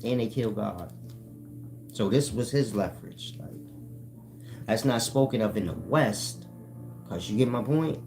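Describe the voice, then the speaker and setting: A man's voice: mid-range voice, lively intonation, unhurried, long pauses, darkish tone, soft background music. A man hosting his own channel, talking in a casual, profane monologue and checking in with listeners as he explains. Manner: profane, keeps asking "you get my point?"; addresses listeners as "y'all". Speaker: channel host.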